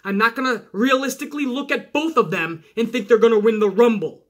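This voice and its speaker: A man hosting a casual wrestling podcast, animated and chatty, swearing and talking straight to his listeners. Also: very high voice, a little fast. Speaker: podcast host.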